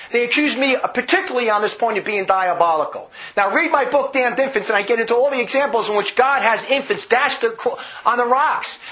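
A man's voice: very high-pitched, bright, forceful tone. A man giving a vehement, combative religious monologue with heavy emphasis, on a dull lo-fi recording. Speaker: religious commentator. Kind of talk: polemical monologue.

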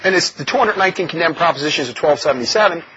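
A man's voice: fairly high pitch, rapid-fire, a little hiss or hum. A man speaking as a religious brother in an impassioned, mocking talk, laughing often. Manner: animated, mocking, with frequent laughs. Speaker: religious brother leading a community. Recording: dull lo-fi recording.

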